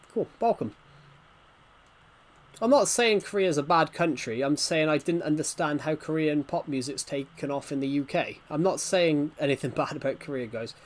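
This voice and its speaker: A man casually chatting to viewers while streaming a game, rambling and restarting sentences as he reacts to the chat. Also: a little high. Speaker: game livestreamer.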